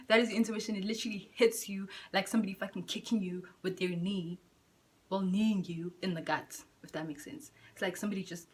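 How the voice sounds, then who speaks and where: A young woman vlogging from home in candid, profane, slang-filled chat, jumping between loud bursts and soft near-whispers. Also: mid-range voice, fairly even intonation, brisk. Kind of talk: casual chat to camera.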